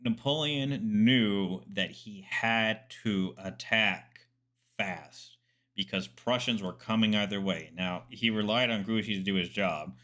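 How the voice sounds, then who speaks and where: A man's voice: fairly low pitch, slow, a bit bright. A man, a military historian, commenting casually on a documentary, chatty and digressive with asides and fillers.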